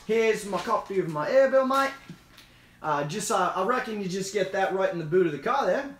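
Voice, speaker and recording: A man voicing a chatty Australian bloke in a put-on Australian accent, loud and complaining. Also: sits high, expressive, moderate pace, reverberant, a little hiss or hum. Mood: breezy. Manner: loud, complaining, says "mate" a lot.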